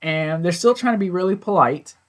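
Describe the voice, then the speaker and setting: A TV show reviewer with a high, fairly bright voice and lively intonation recaps an episode casually and at a brisk pace. He's chatty and blunt, quoting characters as he retells scenes and swearing now and then.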